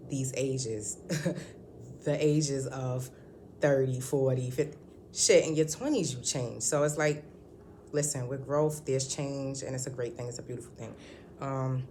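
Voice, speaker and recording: A woman's voice: rumbling low, noisy background. A woman at home talking to her channel in a casual vlog, rambling and candid with lots of ums and restarts. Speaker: vlogger. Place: at home indoors.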